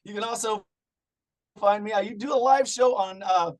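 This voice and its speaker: A middle-aged man in casual chat as a podcast guest, swearing often and breaking into loud rants. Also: high-pitched, moderate pace. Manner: profane, ranting, loud bursts.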